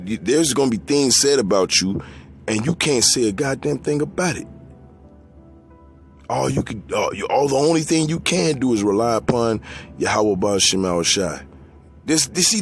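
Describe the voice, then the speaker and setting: A man preaching a sermon to younger men, blunt and profane, his voice climbing when he presses a point and dropping low and quiet when he reads scripture. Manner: forceful, profane, rises in pitch when stressing points.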